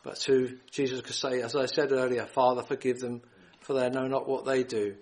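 A man preaching a gospel sermon, earnest and pleading, quoting scripture and often repeating phrases and clearing his throat. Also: mid-range voice, level tone, normal speed, darkish tone, rough recording.

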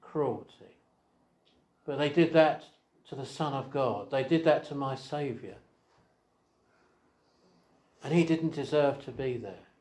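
A man preaching an evangelistic sermon, asking rhetorical questions and swinging between quiet asides and raised emphasis. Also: medium pitch, slow, pauses often. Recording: echoey hall.

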